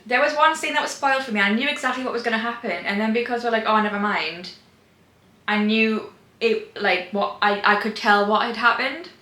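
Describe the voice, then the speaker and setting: A woman's voice: a little high, fairly even intonation, brisk, pushed and bright. A young woman casually chatting about her reading, gushing and emphatic, rambling with lots of restarts. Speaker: book vlogger. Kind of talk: casual reading wrap-up chat. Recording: roomy echo.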